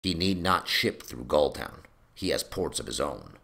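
A man voicing a wide-shouldered, blustering lord who grumbles in a booming voice. The tone is very deep and gravelly, raised higher than the reader's own speech. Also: sing-song, a little slow, full character voice. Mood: complaining. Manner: loud and complaining.

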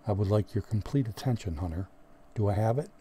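A man's voice: medium pitch, expressive, normal speed, dark tone, close to an everyday voice. A man voicing Beaker, a roaring squad leader. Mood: menacing. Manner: gruff, menacing, erupts into roars. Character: hard-nosed moody male squad leader. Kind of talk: audiobook character voice.

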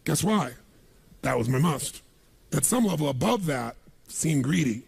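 A man giving an energetic motivational speech to a live seminar audience and calling out for their responses. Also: fairly high pitch, measured pace, vocal fry, breathy edge. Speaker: motivational speaker. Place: large seminar hall before an audience.

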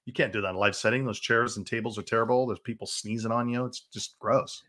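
A man's voice: medium pitch, steady tone, quick pace, fairly bright tone. A man speaking as a podcast guest in casual chat, talking with emphatic enthusiasm.

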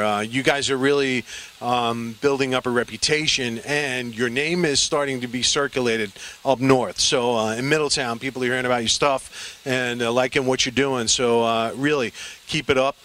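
Bright, chatty male TV host. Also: medium pitch. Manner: chatty, effusive, rambling. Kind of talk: on-location interview. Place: brewery.

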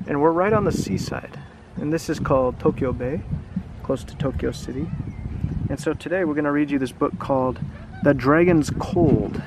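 A man's voice: on the high side, a little fast. Chatty man reading outdoors in a park. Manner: chatty, musing aloud with questions. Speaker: English teacher reading a picture book aloud. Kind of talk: casual storybook read-aloud. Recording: noisy outdoor recording.

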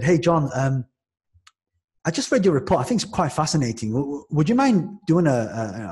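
A man from Manchester, a podcast guest, telling a lively story in casual conversation, with frequent restarts and acted-out quotes. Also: medium pitch. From Manchester, England.

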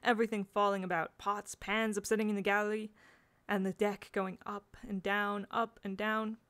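A woman voicing a cheeky schoolboy who teases in a drawn-out way. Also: medium pitch, level tone, a bit bright, lightly acted. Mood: teasing.

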